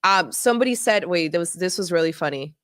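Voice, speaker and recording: A woman's voice: fairly low pitch, lively intonation, fast talker, fairly bright tone. A woman with an accent co-hosting a political podcast, talking emphatically and repeating her points. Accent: non-native English. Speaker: podcast co-host.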